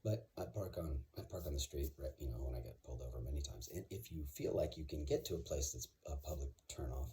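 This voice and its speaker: A man's voice: a bass voice, quick pace, few pauses, warm tone. A man talking casually and confidently, rambling with many fillers and restarts. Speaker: vlogger. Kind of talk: casual monologue.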